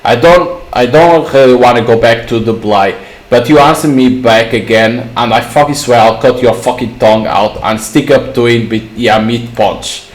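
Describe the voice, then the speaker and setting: A man's voice: medium pitch, moderate pace, reverberant, close to an everyday voice, rough recording. A man voicing a menacing, crude male thug who taunts and swears as he threatens, in a visual novel reading. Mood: threatening.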